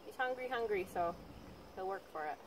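A woman dog trainer calmly explaining, step by step, how she trains a dog. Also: brisk, background noise. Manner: calm, practical explaining with frequent high-pitched praise to the dog.

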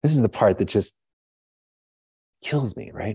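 A man speaks at a deep, low pitch with a husky, slightly breathy tone as he gives a Zen dharma talk. His delivery is conversational and musing, asking himself questions and checking in with the listeners. The voice is close and dry, with little room sound. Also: lively intonation, unhurried, mellow, no echo. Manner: frequent "right?" and "you know". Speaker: Zen teacher.

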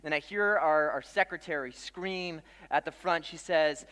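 A young man preaching a sermon as pastor, telling stories with jokes and an animated delivery to a congregation. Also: fairly high pitch, normal speed, few pauses. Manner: joking, animated storyteller. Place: large church hall. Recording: long hall reverb.

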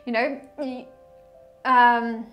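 A woman's voice: fairly high pitch, level tone, extremely slow, dull audio, faint music behind. A woman giving a casual tarot reading to camera, chatty and effusive, often laughing and trailing off mid-sentence. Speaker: tarot reader.

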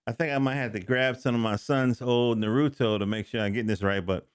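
A man's voice: medium pitch, fairly even intonation, fairly quick, clear, resonant tone, dry recording, clean studio sound. A middle-aged man casually reviewing a comic book, rambling with joking asides and self-corrections. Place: home studio.

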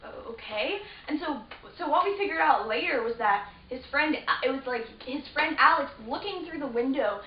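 A teenage girl vlogger tells a story to camera in a rambling, casual way, full of fillers and restarts. Her voice sits high and expressive, moving at a moderate pace with few pauses. The recording sounds roomy and distant, dull and lo-fi with faint hiss.

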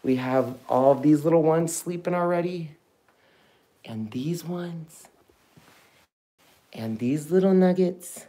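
A man hosting a casual live stream at home, talking fondly to puppies with soft baby talk. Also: on the high side, slow pace, pauses often. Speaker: host of a live puppy stream.

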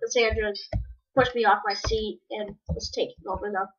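A woman giving casual, rambling commentary while playing a game, breaking into sudden excited yelps. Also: medium pitch, moderate pace. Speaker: gamer. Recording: dull lo-fi recording.

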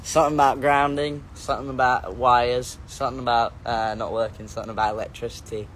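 A man's voice: medium pitch, level tone, fast, fairly bright tone, slight background noise. Rambling man chatting on a livestream. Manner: rambling, self-correcting, playful. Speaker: musician hosting a livestream. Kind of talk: casual livestream chat, reading out viewer comments.

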